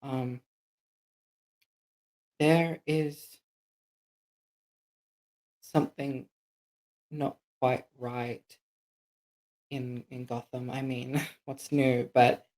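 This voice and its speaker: A man playing a character in a tabletop game, speaking hesitantly and haltingly. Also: medium pitch, flat delivery, darkish tone, rough recording. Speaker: player.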